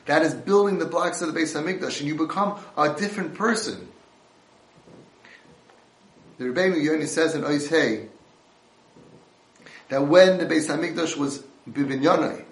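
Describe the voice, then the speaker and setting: A man's voice: a little high, echoey room. A man giving an impassioned Torah lecture, mixing in Hebrew and Yiddish terms.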